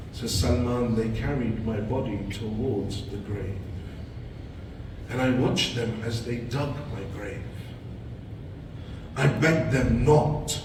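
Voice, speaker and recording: Impassioned preacher in an echoey hall. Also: male voice. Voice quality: dramatic, impassioned. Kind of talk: emotional sermon storytelling. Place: mosque hall. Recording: echoey hall from far off, low rumble.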